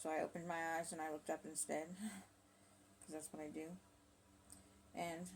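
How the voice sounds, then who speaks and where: A woman's voice: low voice, level tone, normal speed, long pauses, slight background noise. A woman performing a spoken-word story in rhyme, with frank, conversational asides.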